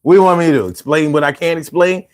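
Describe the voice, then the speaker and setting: A middle-aged man with a slightly high voice talks fast while hosting a casual live stream. He reads viewer comments aloud and answers them in a profane, rambling way, stammering and restarting as he goes.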